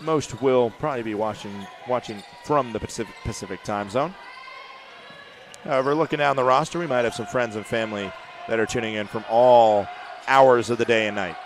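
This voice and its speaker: A man doing play-by-play commentary for a basketball game, rising to shouts on big plays, with faint court noise behind him. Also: medium pitch, fairly quick. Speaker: play-by-play announcer. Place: arena broadcast booth.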